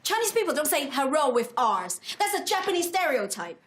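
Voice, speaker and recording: A woman's voice: high voice, very animated, brisk, background noise. A woman playing a frustrated young actress at an audition in a sitcom, exasperated and mocking. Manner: exasperated, mocking a put-on accent. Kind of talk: sitcom acting.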